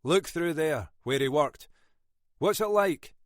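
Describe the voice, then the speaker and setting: A man reading an audiobook, voicing a shrewd older Scottish detective inspector in a dry, probing, quietly commanding manner. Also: on the high side, expressive, slow pace, no room sound, voice pushed up.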